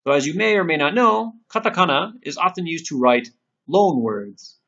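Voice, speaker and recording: A man's voice: fairly high pitch, expressive, normal speed, vocal fry, sharp tone, highs cut off. A man teaching a language lesson over screen slides, patiently explaining and drilling syllables aloud one by one. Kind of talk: screen-recorded lesson narration.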